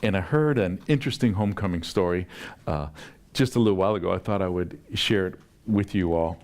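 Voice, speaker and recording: A man, a pastor, telling a story in a relaxed conversational sermon and acting out the quoted voices. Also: low-pitched.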